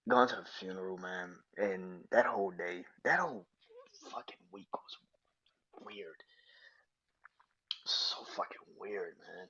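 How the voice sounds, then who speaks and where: A man with a very low, husky voice talks about loss in halting, restarting phrases that keep sinking toward a breathy near-whisper. His tone stays bright and forward despite the tears. The sound is dull and lo-fi. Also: animated, no room sound. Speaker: podcast host. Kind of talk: personal monologue on grief.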